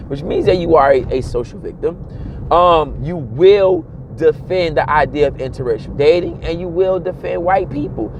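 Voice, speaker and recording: A man, giving a casual, animated monologue and mimicking other people's voices along the way. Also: fairly high pitch, noisy background. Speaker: commentator.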